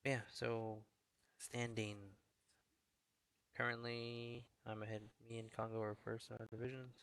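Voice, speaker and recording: A young man streaming a fantasy football update in casual chat, talking low and half-whispered in a hallway indoors. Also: completely flat delivery, unhurried, fairly bright tone, smooth, no room sound. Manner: low, half-whispered talk, chatting with viewers.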